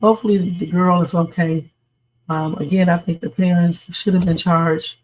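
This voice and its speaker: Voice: mid-range voice, steady tone, normal speed, rough recording. A livestream host chatting casually about news stories and reading out viewer comments. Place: home streaming setup.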